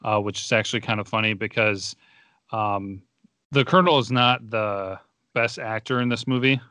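A young podcast co-host chats casually about movies, laughing often as he retells scenes. His voice is lowish and sharp-toned, his pace moderate, and the recording is dry.

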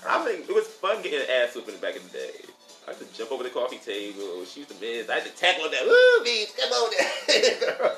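A man's voice: medium pitch, big pitch swings, quick pace, pushed and bright. A man telling stories in a casual, sassy, profane way, calling the listener honey and child as he goes. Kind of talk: casual storytelling. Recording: roomy echo with faint music.

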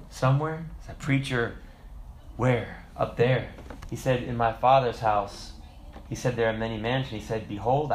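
A man preaching a sermon in a conversational, humorous way, acting out little quotes and slowing down to quote scripture. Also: fairly high pitch, sharp tone. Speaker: pastor.

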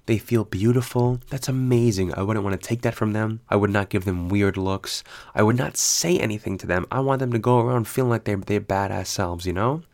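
A man telling stories in a casual solo chat, animated and profane, laughing often. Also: on the low side, fairly quick. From United States.

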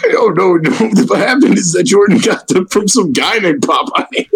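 A man in a casual chat with friends, hesitant at times and quick to laugh and tease. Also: sits high, animated, slight background noise.

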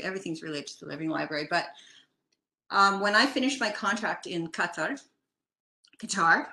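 Older Canadian woman, guest telling a story, lower bright voice, roomy echo. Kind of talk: casual storytelling.

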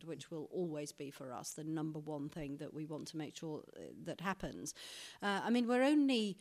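A woman serving as an ambassador answers interview questions with measured, diplomatic care. Her voice sits a little low, and she often pauses on an "um" before restarting a phrase. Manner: measured, diplomatic, with frequent ums.

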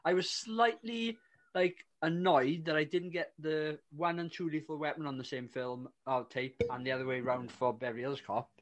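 A man's voice: fairly high pitch, normal speed. A man hosting a casual film podcast, chatting enthusiastically with plenty of fillers and restarts. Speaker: podcast host.

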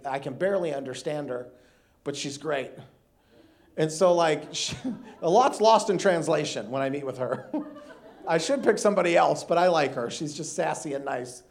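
In his thirties, this man is a visiting preacher recounting an amusing, lively anecdote from his own life mid-sermon, laughing often. His pitch sits fairly high.

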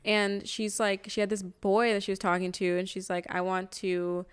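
A woman's voice: mid-range voice, level tone, normal speed, clear, resonant tone. A young woman in her twenties, co-hosting a podcast, telling a story casually with a lot of swearing. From Toronto area, Canada. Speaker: podcast co-host.

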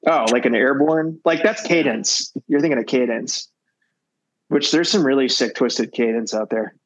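A man's voice: mid-range voice, normal speed, no room sound, low-quality recording. A man on a podcast telling rambling, profane anecdotes in casual chat. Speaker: podcast co-host.

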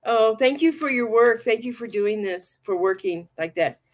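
A woman's voice: on the high side, expressive, normal speed. A woman hosting a casual livestream chat and reading tarot cards, talking in a rambling, affectionate way and often repeating herself. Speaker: livestream talk show host and tarot reader.

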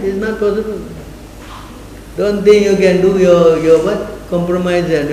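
At a moderate pace, a man with a warm voice that sits high lectures a scripture class. He keeps questioning his audience, repeatedly pressing them to answer, and the echoey room carries faint noise.

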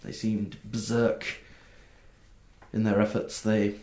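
Brief: man doing a somber woman commander in a tabletop game, unhurried, roomy echo. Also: fairly low pitch, level tone, a little mellow. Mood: grave. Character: grim female watch commander, grieving. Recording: echoey room.

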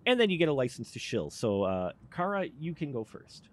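A man's voice: medium pitch, sing-song, fairly quick, dry recording. A man hosting a casual live-stream chat, loose and chatty, laughing often. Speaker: podcast host.

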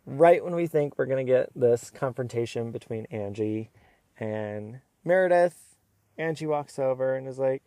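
A man hosting a casual, opinionated recap of a reality show, sometimes mimicking the cast in quick asides. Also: medium pitch, mellow, dry recording. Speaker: recap host.

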